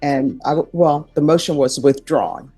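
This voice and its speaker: A woman's voice: low voice, measured pace, mellow, husky, soft background music. Firm, methodical woman judge. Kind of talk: questioning from the bench. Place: courtroom.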